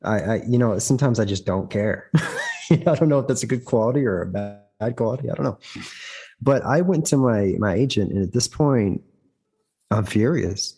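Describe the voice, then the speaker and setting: Husky man, restless storyteller. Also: medium pitch, expressive, normal speed, mellow, soft background music. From United States. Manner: frequent restarts and repeated words; emphatic, heated when recounting conflict. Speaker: guest actor. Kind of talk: conversational storytelling.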